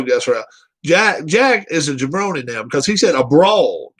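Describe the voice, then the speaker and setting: A man's voice: on the high side, big pitch swings, normal speed, a bit bright. A man hosting a casual live chat show, reading viewer comments aloud and teasing them with frequent laughs.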